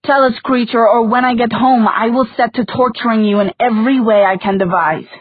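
A fierce young woman fighter speaks in a forceful, commanding way, as a woman narrator voices her. The voice is husky, and the sound is thin and phone-like. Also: medium pitch, moderate pace, no room sound, lightly acted.

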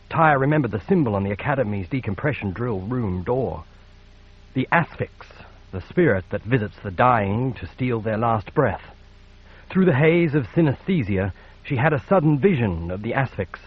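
A man narrating a science fiction audiobook in a measured, steady read. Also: medium pitch, slightly rough, lo-fi sound. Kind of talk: scripted narration.

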